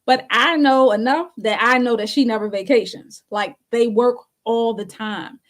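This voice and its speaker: A woman's voice: a little high, moderate pace. Chatty laughing woman co-host. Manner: chatty, laughs often between phrases. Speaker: talk show co-host. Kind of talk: casual storytelling chat.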